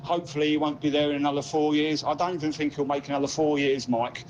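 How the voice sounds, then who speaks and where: A man's voice: a little high, little pitch movement, quick pace, darkish tone. A man leaving a voice note for a talk show, recorded on a phone and sounding blunt and mocking. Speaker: caller sending a voice note. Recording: lo-fi voice note with faint hiss.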